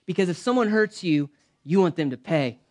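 A man preaching a conversational sermon in a church, punching some lines loudly and dropping others to a soft, low aside. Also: expressive, brisk. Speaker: pastor.

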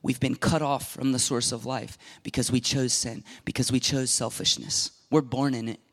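A middle-aged man preaching a sermon as pastor, emphatic and animated, acting out quoted voices and dropping at times to a whisper. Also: mid-range voice, normal speed.

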